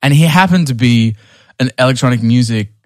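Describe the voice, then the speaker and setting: A young man tells a long story in a relaxed conversation. He restarts his sentences and fills gaps with "like" and "um." His voice sits at a middle pitch and is recorded dry and close. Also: brisk, dry recording. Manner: rambling, many restarts and fillers. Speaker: podcast guest.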